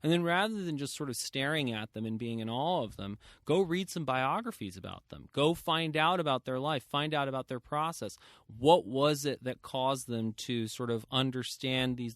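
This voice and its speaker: A man in his thirties hosting a podcast, talking in a loose, animated way with lots of fillers and quoted asides. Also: medium pitch, moderate pace, few pauses, no room sound, studio quality. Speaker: podcast host. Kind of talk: casual interview chat.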